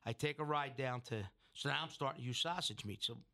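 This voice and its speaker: A man's voice: mid-range voice, brisk, sharp tone. A middle-aged man, a restaurant owner telling a long story in an interview. He rambles, restarts his sentences and acts out what people said. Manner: rambling, with restarts and acted-out quotes. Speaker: restaurant owner and food entrepreneur.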